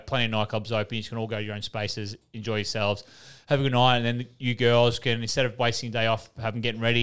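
A man's voice: lowish voice, fairly bright tone, clean tone. An Australian man in casual podcast chat, telling anecdotes, swearing often and laughing as he goes. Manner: swears freely, laughs while telling stories.

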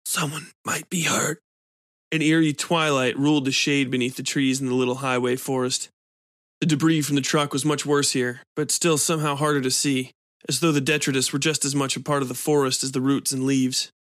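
Man reading dark fiction, steady and measured, dry close sound. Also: medium pitch, no echo. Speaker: narrator.

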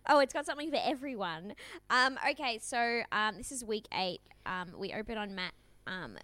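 A young woman co-hosting a podcast, making wry, deadpan jokes as she recaps a show. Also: fairly high pitch, moderate pace, dry recording. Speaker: podcast co-host. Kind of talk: casual chat recapping a reality show.

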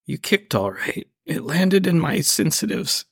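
A man with a Southern US accent co-hosting a casual podcast chat, with teasing, deadpan banter. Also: on the high side, unhurried, vocal fry, husky, no echo, studio quality. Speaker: podcast co-host.

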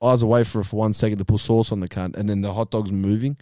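A man in a casual podcast chat, blunt and quick to swear. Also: fairly low pitch, fairly even intonation, mellow, no echo, studio quality.

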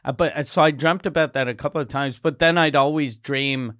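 A man on a podcast chatting casually, halting with frequent restarts. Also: fairly high pitch, fairly even intonation, fairly bright tone, no room sound, clean studio sound. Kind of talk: casual chat.

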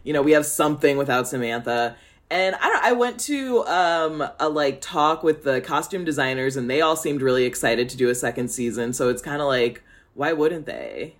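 Animated laughing woman, podcast chat. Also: low-pitched, normal speed. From American Midwest. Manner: animated, laughs often, gushing. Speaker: podcast guest, comic and writer.

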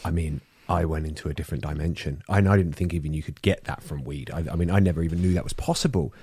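A man's voice: rumbling low, fast, mellow, breathy edge, dry recording. A man co-hosting a podcast, telling rambling stories in casual chat with many restarts. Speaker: podcast co-host.

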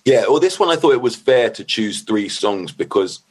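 A middle-aged man, telling stories as a guest in a loose, animated way, swearing freely and leaning on "like" and "you know what I mean". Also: medium pitch, normal speed, breathy edge. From London. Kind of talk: casual storytelling.

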